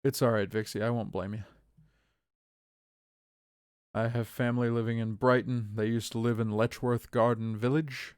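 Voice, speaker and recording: A man's voice: medium pitch, little pitch movement, brisk, darkish tone, clean tone, no room sound, clean studio sound. A man in his thirties streaming a game live, chatting in a rambling way with his viewers between moves. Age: 30s. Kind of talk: live gameplay commentary.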